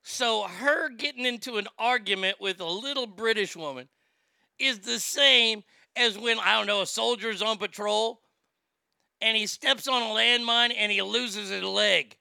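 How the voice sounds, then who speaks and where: Profane male commentator, bright cutting tone, incredulous. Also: high voice, unhurried, gravelly, clean tone, dry recording, clean studio sound. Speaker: commentary host. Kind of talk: ranting news commentary.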